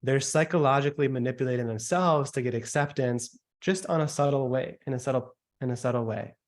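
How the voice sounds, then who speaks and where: A man in mid-range pitch leads a sales workshop with an emphatic teaching manner. He slows down on key points and lets his voice fall to drive them home, and now and then he imitates chatty listener noises to make his point. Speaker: sales coach.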